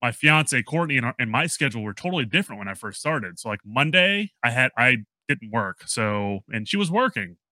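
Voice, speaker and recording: A man's voice: medium pitch, sing-song, a little fast, hardly any pauses, sharp tone, dry recording. A young man hosting a podcast, chatting casually and rambling with lots of fillers. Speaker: podcast host. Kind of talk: casual chat.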